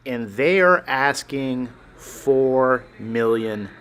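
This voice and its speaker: A man's voice: mid-range voice, expressive, very slow, very noisy. A man giving an enthusiastic, chatty walkthrough of a car dealership showroom. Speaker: car vlogger. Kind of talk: casual walkthrough narration.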